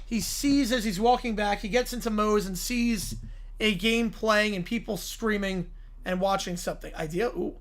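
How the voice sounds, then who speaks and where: A woman's voice: medium pitch, normal speed. A woman streamer narrating a comedic story game in a playful, chuckling way.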